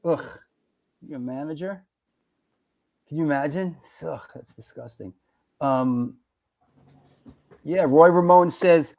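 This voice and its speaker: Middle-aged guy hosting a live show, kinda high voice, keeps repeating himself. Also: takes it slowly, vocal fry, pauses often, a little mellow. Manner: rambling, repeats words and restarts often. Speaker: host. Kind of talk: casual chat.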